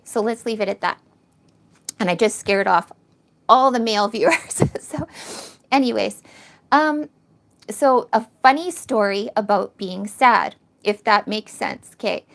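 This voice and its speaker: Middle-aged woman, live on a cheap phone, teary, rambling, a bit high and gravelly. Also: measured pace. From Canada. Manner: emotional, rambling, talks to chat viewers. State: teary, recently crying. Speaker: livestreamer. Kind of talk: casual live-stream chat.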